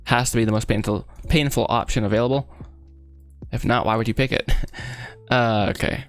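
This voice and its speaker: A man's voice: medium pitch, fairly even intonation, moderate pace. A young man rambling casually and laughing often while he works on a 3D model and chats with viewers. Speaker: 3D artist streaming his work. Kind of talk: casual live chat while working.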